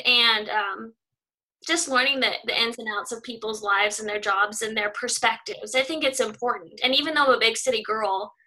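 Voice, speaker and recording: A woman's voice: fairly high pitch, sharp tone, rough recording. A young woman from California, a news reporter chatting as a guest in an interview, upbeat and casual with plenty of 'um' and 'like'.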